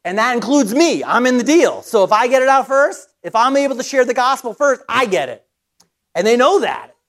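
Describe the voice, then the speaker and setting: Preaching in a lively, talk-like style, a middle-aged pastor recounts something personal with rapid restarts. His voice is very high-pitched.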